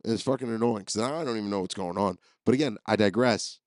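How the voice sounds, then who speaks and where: A man's voice: lowish voice, fast, dry recording, studio quality. A man hosting a podcast, telling rambling, profane, jokey stories as a comedic solo monologue. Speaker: podcast host.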